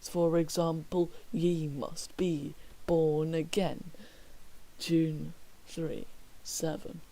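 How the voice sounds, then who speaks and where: A man's voice: a little high, level tone, very slow, dark tone, poor audio. A young man reading his homework aloud on a stream, breaking off into wry joking asides. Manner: wry, slips into whispered mock remarks. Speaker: student streamer.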